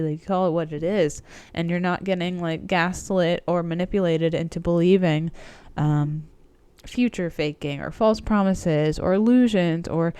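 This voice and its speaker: A woman's voice: lowish voice, a little mellow, clean tone, dry recording. A woman with a cold giving a casual, meandering tarot reading to her viewers, with lots of "like" and "um". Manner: chatty, meandering, frequent "like" and "um". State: sick with a cold. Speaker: tarot reader and coach.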